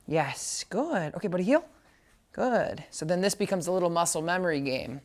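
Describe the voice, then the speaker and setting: A man working as a dog trainer, giving a casual hands-on training demo. He talks in a chatty way, often checks that the listener understands, and gives bright, upbeat praise commands to the dog. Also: high-pitched, expressive, normal speed.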